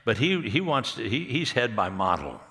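A man preaching at a marriage conference, telling stories in a rambling, halting way and often laughing. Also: medium pitch, sing-song, sharp tone, in a large hall. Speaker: pastor speaking at a marriage conference. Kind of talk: conversational sermon with storytelling. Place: church hall.

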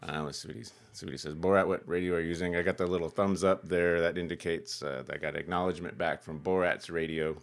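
A man's voice: sits low, fairly even intonation, quick pace, creaky, few pauses. A man hosting a ham radio channel, explaining a radio demo in a rambling, chuckling way with lots of fillers. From California. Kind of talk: casual demo vlog.

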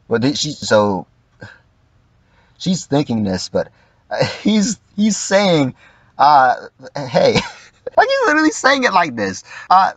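A man's voice: a little high, very animated, slow pace, long pauses, no room sound, muffled recording. A man giving casual, profane livestream commentary, acting out quoted lines in mock voices.

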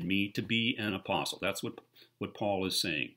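An older man preaching with a low voice and a husky, slightly breathy edge. He talks through his sermon like a story told to friends and lifts into animated retellings. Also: normal speed. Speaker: pastor.

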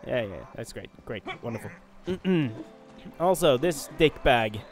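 A man's voice: mid-range voice, expressive, slow pace, faint music behind. A man giving casual, joking, profane commentary while playing a fantasy role-playing game. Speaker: gaming video host. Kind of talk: casual let's-play commentary.

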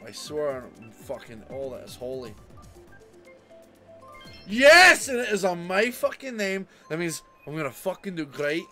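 A man doing raging, sarcastic gameplay commentary in a put-on Scottish accent, swearing as he rants. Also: mid-range voice. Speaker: gaming channel host. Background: racing game music.

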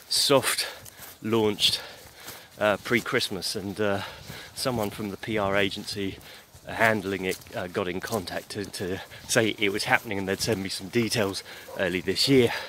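A man hosting a daily podcast, giving a casual news update while walking uphill, out of breath and halting with many fillers and restarts. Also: fairly low pitch, a bit bright. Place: outdoors on a hill. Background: clear outdoor noise.

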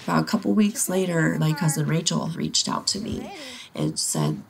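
A woman's voice: low-pitched, wildly swooping pitch, normal speed, gravelly. A woman in her forties giving a documentary interview, heartfelt and reflective.

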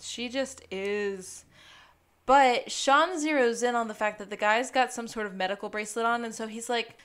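A woman with a slightly high voice co-hosts a casual podcast. She chats through a TV episode recap in an animated way, breaking into giggles often. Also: moderate pace, clear, resonant tone. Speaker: podcast co-host.

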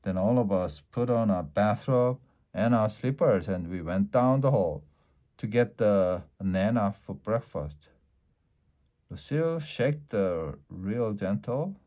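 A man reading a children's storybook aloud in a lively way, shifting his pitch and loudness for the characters' lines. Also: slow. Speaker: storybook reader.

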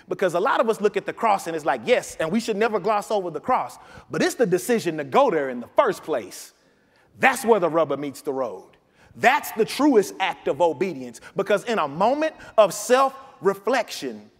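A man pastor preaching a sermon in a church, impassioned, swinging between quiet reflection and loud urgency. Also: high voice, in a large hall. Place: church sanctuary.

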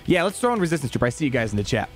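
A young man giving live gameplay commentary as a streamer, talking to his chat and shifting quickly between calm and excited. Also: medium pitch, faint music behind. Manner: excitable, talks to chat, quick mood swings.

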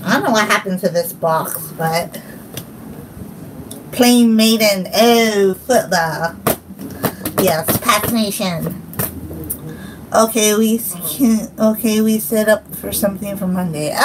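A woman's voice: a little high, noisy background. A young woman, hosting a casual livestream and chatting in a giggly, scattered, playful way. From Hawaii. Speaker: livestream host.

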